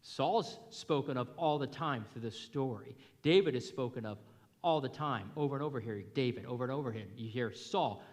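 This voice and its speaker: A man preaching a sermon as pastor, telling a Bible story in an animated, emphatic way. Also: mid-range voice, normal speed. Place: church hall. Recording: long reverb of a hall.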